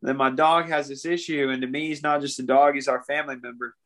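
A man's voice: medium pitch, steady tone, quick pace, fairly bright tone. A young man, a podcast guest, talking candidly and earnestly about something painful, often saying "man.". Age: young adult. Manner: earnest, emotional, calls people "man". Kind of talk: candid interview talk.

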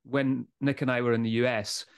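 Energetic Scottish man hosting a podcast. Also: medium pitch, fairly quick, smooth. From Scotland. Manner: energetic, swearing, laughs often. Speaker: podcast host. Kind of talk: casual podcast chat. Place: Speyside, Scotland.

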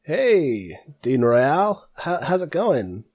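A man's voice: a little high, very animated, slow pace, a little mellow, slightly rough, pitched above the performer's own voice, exaggerated voice. A man voicing a nervous, eager young woman student who stammers when flustered.

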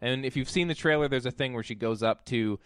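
A man in casual chat who recaps a movie in an animated, profane storytelling way. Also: mid-range voice, fast talker, clear, resonant tone, dry recording.

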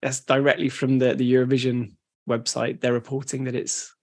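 Male podcast co-host, gravelly, loose and rambling. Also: medium pitch, little pitch movement, normal speed. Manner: rambling, with frequent restarts. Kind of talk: casual educational chat.

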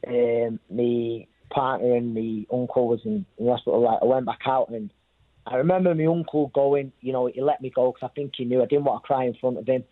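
A man tells his story in an interview, looping back and repeating phrases as he acts out what others said. His voice sits at a middle pitch, and the recording is dry and narrow, like a phone line. He talks plainly and at length. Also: steady tone, a little fast, no echo. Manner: rambling, repeats himself, quotes others. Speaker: boxer telling his story. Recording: thin phone-like sound.

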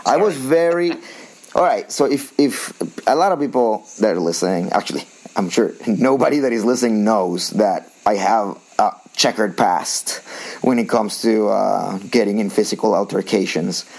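A man's voice: fairly low pitch, moderate pace, creaky, a little mellow, poor audio. A man chats on a podcast. He tells his stories with energy, laughs often, and slips into voices for the people he quotes. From Colombia. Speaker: podcast co-host. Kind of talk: casual storytelling chat.

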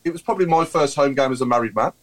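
A man's voice: medium pitch, rapid-fire, a crowd in the background. A man with a Birmingham accent, a podcast co-host, joking and often repeating himself.

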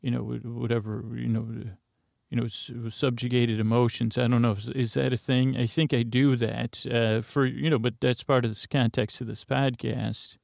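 A man's voice: mid-range voice, level tone, normal speed, darkish tone, dry recording, clean studio sound. A man hosting a sleep podcast, talking in a meandering, self-correcting ramble full of fillers and drifting asides. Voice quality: creaky, gravelly. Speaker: podcast host. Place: closet. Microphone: close studio mic.

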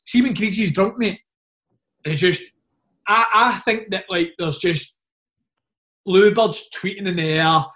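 A Scottish man with a fairly high voice tells dressing-room stories in a loose, animated way. He talks like a former footballer catching up with a mate, dropping "mate" and "like" into nearly every line. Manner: animated anecdotes, frequent "mate" and "like". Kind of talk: casual storytelling chat.

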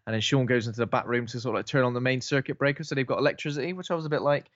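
Fast-talking man from Bristol. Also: medium pitch, fairly even intonation, fairly bright tone, no echo. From Bristol, England. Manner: chatty, recounts scenes with quick asides. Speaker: podcast co-host. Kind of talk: casual film recap chat. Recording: slightly dull, dry lo-fi audio.

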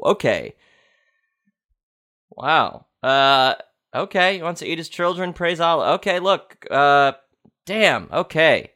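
Lively bright-voiced man reading quotes. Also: fairly high pitch, a little slow. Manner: incredulous, swears and reacts loudly. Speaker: podcast host. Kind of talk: casual reading with reactions.

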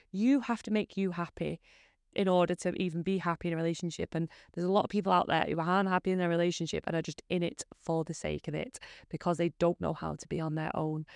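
Candid woman with a gravelly edge. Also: fairly low pitch, no echo, clean studio sound. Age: 30s. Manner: candid, self-deprecating, rambling. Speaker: podcast host. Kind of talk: casual solo podcast chat.

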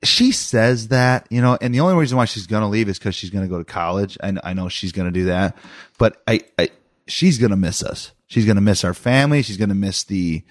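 A man's voice: lowish voice, a little fast, no room sound. Man, middle-aged, podcast co-host, teasing, casual chat, dry recording. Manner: teasing, ribbing questions.

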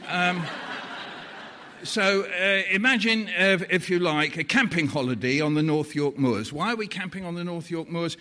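A man's voice: high-pitched, normal speed, few pauses, bright, forceful tone. Older man telling stories on stage. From Britain. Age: 70s. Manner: playful, slips into voices for quotes. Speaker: author giving a talk. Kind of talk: live storytelling talk. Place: stage in a large hall. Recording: long hall reverb.

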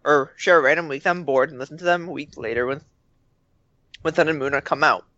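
A man's voice: fairly high pitch, a little fast, pushed and bright, no echo. A tired man co-hosting a podcast late at night, reading a listener's story in a playful way. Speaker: podcast co-host. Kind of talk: casual podcast chat, reading listener mail. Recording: dull, dry home mic.

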